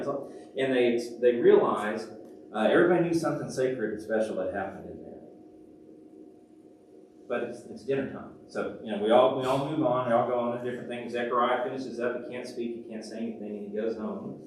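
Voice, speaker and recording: A man preaching a sermon as pastor, telling stories animatedly and dropping from loud to hushed. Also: mid-range voice, brisk, slight background noise. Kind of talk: sermon with storytelling. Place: church sanctuary. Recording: very echoey church from a distant mic.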